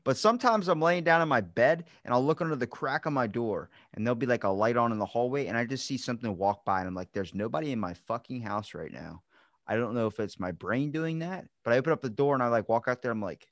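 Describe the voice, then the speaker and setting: A man's voice: mid-range voice, fast talker, no echo. A man hosts a podcast in loose conversation. He swears often and tells his stories animatedly. The sound is dry, with no room around it. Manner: animated, profane storytelling. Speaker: podcast host. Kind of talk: casual podcast chat.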